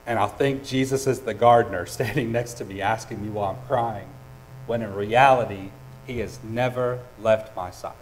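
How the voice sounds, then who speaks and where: A man preaching a sermon, earnest and personal, with hesitant restarts and swings between loud and soft. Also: fairly low pitch, fairly even intonation, moderate pace, slight background noise, low-quality recording. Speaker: pastor.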